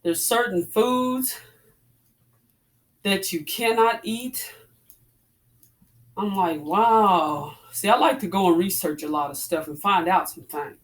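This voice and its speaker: Here a woman in her forties with a mid-range voice talks slowly and pauses often. As a fitness vlogger, she chats casually to viewers while working out, calling them "y'all," slightly winded and dropping breathy exclamations between exercises.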